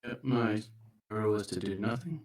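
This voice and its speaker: A man's voice: lowish voice, normal speed, a little mellow. A man playing a tabletop wargame over a call, giving short reactions and criticizing his own mistakes. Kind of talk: casual game chat. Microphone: remote call.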